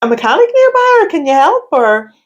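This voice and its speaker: A woman's voice: high-pitched, very animated, fairly quick, muffled recording, pitched above the performer's own voice. A woman playing a flustered woman whose car has broken down, pleading politely and in a hurry.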